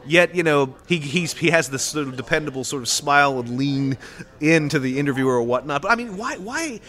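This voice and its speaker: Bright-voiced man asking halting questions. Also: a little high, animated. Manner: halting, stammers and restarts while framing long questions. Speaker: podcast host, interviewer. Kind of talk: conversational interview.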